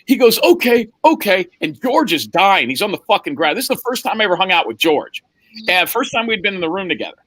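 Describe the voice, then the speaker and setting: A man's voice: high-pitched, very animated, fast, fairly bright tone, no room sound, low-quality recording. A man telling a wild story in a casual chat, acting out the other people's lines and swearing freely. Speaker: podcast guest.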